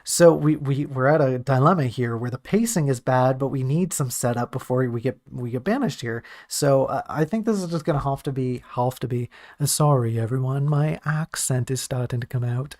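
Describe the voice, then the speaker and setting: A man's voice: medium pitch, fairly quick, hardly any pauses. A man in casual stream commentary, reviewing his own writing draft, thinking aloud in a self-critical, joking way.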